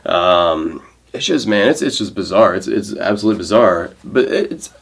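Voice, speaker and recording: A man's voice: lowish voice, moderate pace, gravelly, breathy edge. A young man chatting casually to camera in his vlog, rambling and telling stories with lots of fillers and restarts. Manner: rambling, animated storytelling with many fillers and restarts. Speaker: vlogger.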